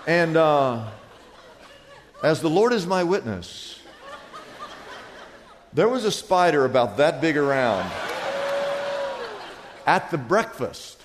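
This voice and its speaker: A middle-aged man preaching a sermon as pastor, telling a story in a lively, animated way. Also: on the high side, slow pace, long pauses, background noise. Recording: long reverb of a large hall.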